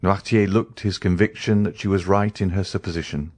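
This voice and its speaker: A man narrating an audiobook in an even, measured reading. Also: deep voice, no room sound.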